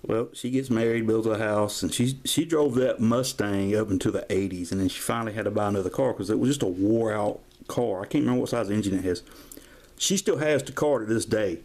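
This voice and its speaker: A man's voice: lowish voice, brisk, darkish tone. Man, 50s, home collector vlog, folksy and rambling, chatty camera-mic sound. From Georgia, US. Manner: rambling, folksy, drifts into stories. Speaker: toy collector vlogger. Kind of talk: casual show-and-tell collection vlog. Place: at home, filming toys on camera.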